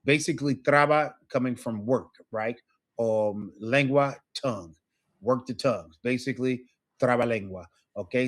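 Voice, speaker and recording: Speaking at a moderate pace in a mid-range voice, a man teaches Spanish in an online class. His explanations are patient, and he regularly checks that his students are following.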